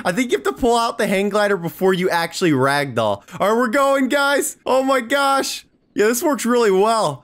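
Male gaming YouTuber, high and very animated voice, excitable commentary. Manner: excitable, quick exclamations. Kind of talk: Let's Play commentary.

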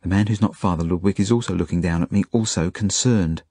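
A man reading an audiobook as a first-person narration, in plain, measured storytelling. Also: deep voice, dark tone, dry recording, clean studio sound. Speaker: audiobook reader.

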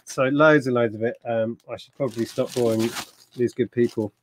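A man's voice: mid-range voice, fairly even intonation, a little fast, a little hiss or hum. Chatty man rambling through a haul. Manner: chatty and rambling, laughs often. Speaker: co-host of a resale haul livestream. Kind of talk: casual chat.

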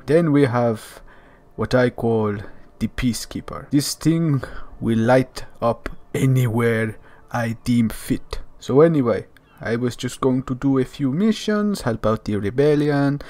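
Guy doing a cocky fake-accent action hero, boasting, dips into low mutters. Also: mellow, natural voice. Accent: put-on, faltering foreign accent. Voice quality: boastful, hammy, drops to low mutters for asides. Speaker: gaming YouTuber. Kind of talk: comedic gameplay commentary in character.

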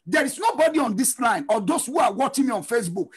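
A middle-aged man preaching a fervent sermon, shouting refrains and breaking into sung lines. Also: very high voice, big pitch swings, fast talker, breathy edge. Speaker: pastor.

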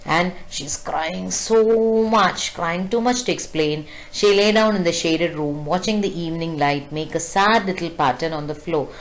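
A woman teacher walks students through a story, reading a line and then explaining it in her own words. Her voice sits fairly low for a woman, and she stops now and then to ask the class questions. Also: poor audio.

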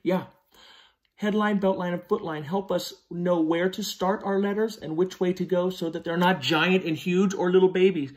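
A man teaching young children to write letters, giving slow, patient step-by-step instructions. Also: high voice, fairly even intonation. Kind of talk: children's handwriting lesson.

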